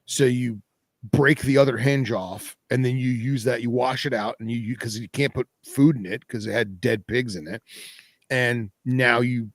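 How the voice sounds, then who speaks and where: A man's voice: mid-range voice, no echo. A man hosting a podcast, talking in a casual, rambling way full of fillers. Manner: rambling, filler-heavy, laid-back. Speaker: podcast host. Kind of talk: casual chat.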